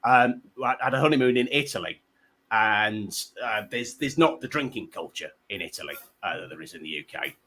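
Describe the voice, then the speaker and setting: A man's voice: fairly low pitch, lively intonation, normal speed, pushed and bright. A man hosting a comedy panel show, telling rambling self-deprecating stories full of stammered restarts.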